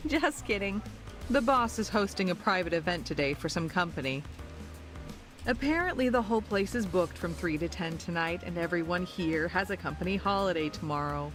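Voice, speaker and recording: A man putting on a brisk, harried woman bartender. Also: high-pitched, animated, over music, pitched above the performer's own voice.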